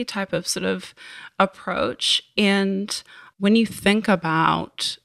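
A woman with a New Zealand accent, a guest explaining her view in a thoughtful, measured way. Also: medium pitch, fairly even intonation, gravelly, fairly bright tone, no echo, studio quality. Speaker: guest, wine business co-founder. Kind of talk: reflective interview talk.

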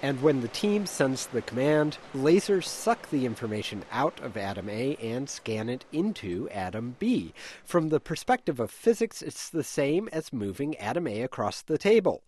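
A man narrating a scripted radio news science feature as a reporter, with a wry, lively delivery. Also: medium pitch, normal speed, no room sound.

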